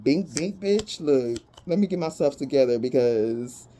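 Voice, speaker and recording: A woman's voice: rumbling low, lively intonation, unhurried, dark tone, a little hiss or hum. A woman giving a casual spoken tarot reading, talking bluntly and animatedly, with frequent swearing. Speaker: tarot reader.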